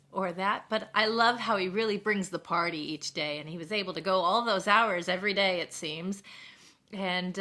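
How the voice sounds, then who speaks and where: Chatting loosely with her live stream viewers, a woman rambles and thanks them over and over. Her mid-range voice is very bright and clear.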